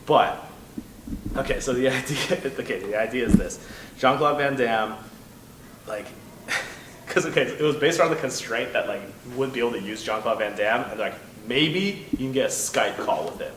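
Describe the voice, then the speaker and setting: A man's voice: medium pitch, moderate pace. A man telling a long story as a panel guest at a convention, rambling with lots of fillers and restarts. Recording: echoey hall from far off, noisy.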